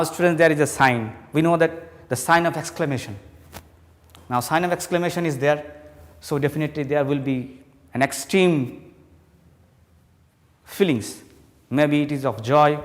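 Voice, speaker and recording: A male teacher giving a slow classroom lesson, explaining and repeating each point. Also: a little high, big-room sound.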